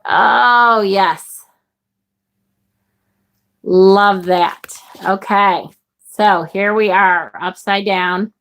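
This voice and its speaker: A woman's voice: medium pitch, steady tone, extremely slow, long pauses, a bit bright. A woman hosting a live tarot stream, chatting enthusiastically and reading viewer comments aloud. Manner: enthusiastic, chatty, swears casually. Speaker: tarot livestream host. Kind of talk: casual live-stream chat.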